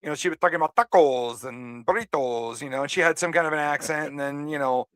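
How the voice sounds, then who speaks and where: Male co-host, fairly high voice, stop-start chatty delivery, dry close mic. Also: a bit bright, clear, resonant tone, no room sound. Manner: halting, repeats words. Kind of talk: casual podcast commentary.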